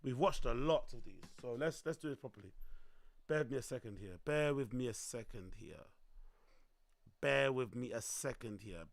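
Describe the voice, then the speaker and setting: A young man, his voice worn hoarse, chatting loosely to his livestream audience, repeating himself and swearing as he goes. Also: medium pitch, bright, forceful tone, dry recording. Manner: loose, repetitive, swearing, talks to chat. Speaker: livestream host. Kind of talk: casual livestream chat.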